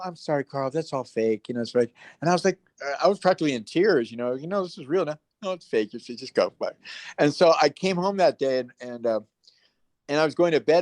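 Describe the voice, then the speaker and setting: Guy telling stories on an interview call, lively, does the voices, dry sound. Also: mid-range voice, no echo. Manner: animated storyteller, acts out quoted voices. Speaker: guest, actor. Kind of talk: casual storytelling interview.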